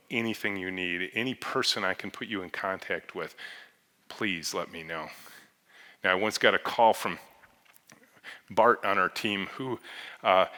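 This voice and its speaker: A man addressing a crowd from a hall stage, an earnest storyteller who acts out the people in his stories. His voice sits low but has a very bright, forceful edge. A long reverb tail hangs on every phrase. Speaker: company CEO giving a talk. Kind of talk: conference talk with storytelling.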